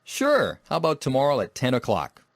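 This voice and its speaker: Lively man reading practice dialogue. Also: mid-range voice, a little fast, vocal fry, dry recording.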